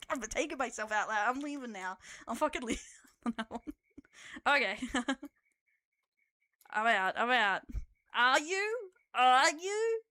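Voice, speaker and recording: A woman's voice: a little high, measured pace, pauses often, bright, forceful tone, no echo. A young Australian woman streaming live, chatting casually with her viewers, laughing often and swearing as she teases.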